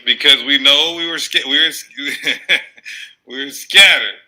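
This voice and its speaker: Dude with a super bright voice riffing loosely on a clip. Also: male voice, fairly high pitch, takes it slowly, low-quality recording. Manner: laughing, stumbling, loose and animated. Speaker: commentator in a played video. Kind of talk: casual commentary.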